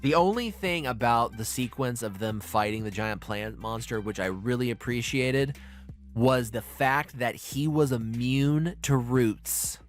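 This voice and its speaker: Male podcast host, profane and animated, anime recap chat, faint music bed. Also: medium pitch, measured pace.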